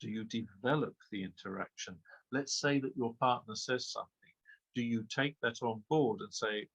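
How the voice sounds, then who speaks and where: A man with a slightly husky voice lectures as an exam trainer. He speaks with emphasis and keeps asking rhetorical questions, checking in with a quick "okay?" as he goes. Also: mid-range voice, a bit bright, low-quality recording. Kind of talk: webinar lecture.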